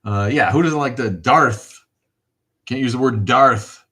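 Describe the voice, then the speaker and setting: This man's mid-range voice sounds pushed and bright, and he takes his time. Middle-aged, he hosts a casual livestream where he reads viewer comments, thanks viewers, and rambles through profane rants.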